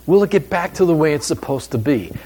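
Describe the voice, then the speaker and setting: A man preaching a sermon as pastor, with a deliberate, emphatic delivery and pauses. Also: fairly high pitch, lively intonation, dark tone.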